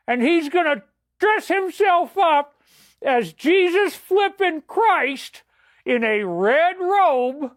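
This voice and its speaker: Angry dad figure, done by a man, high-pitched, shouting, dry close recording, ranting at his son. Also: no echo, full character voice. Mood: incredulous. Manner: ranting, yelling, mock-religious outrage. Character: furious middle-aged father scolding his son.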